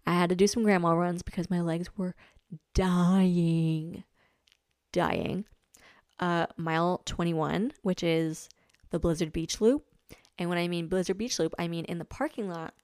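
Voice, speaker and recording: A woman's voice: fairly low pitch, darkish tone, clear, resonant tone, no echo, studio quality. A woman in her twenties hosting a podcast, casually chatting about a race, full of "like" fillers. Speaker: podcast host. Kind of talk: casual chat recounting a race.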